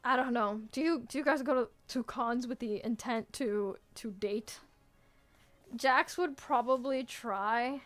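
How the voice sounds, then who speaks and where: A woman's voice: fairly high pitch, unhurried, fairly bright tone, soft background music. A young woman VTuber chatting casually with her viewers, playful and teasing, laughing often and cutting herself off mid-sentence. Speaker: VTuber streamer. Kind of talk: casual stream chat, answering viewers.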